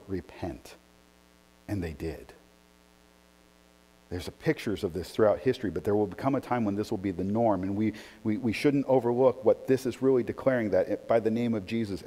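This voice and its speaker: A man preaching a sermon as pastor, shifting from quiet reflection to animated, emphatic delivery. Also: mid-range voice, big-room sound.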